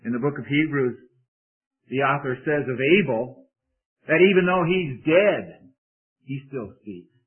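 A man delivers a sermon with earnest humility, leaning hard into the words when he reads scripture. His voice sits at a middling pitch. The sound is thin and boxy, like a phone line. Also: animated, unhurried, pauses often, slightly rough. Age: adult parent. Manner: earnest, humble, with emphatic scripture reading. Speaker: preacher.

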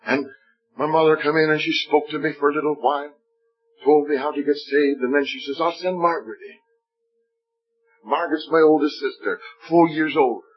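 A man's voice: fairly high pitch, steady tone, a little fast, slightly rough, faint music behind. A man preaching a testimony sermon, telling a story and acting out the voices in quoted dialogue. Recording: dull lo-fi recording.

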